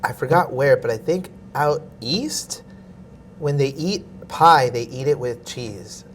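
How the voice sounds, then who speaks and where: A man's voice: medium pitch, expressive, slow pace, a little hiss or hum. A man, a guest on a casual podcast, telling laid-back stories in slangy speech. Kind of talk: casual chat.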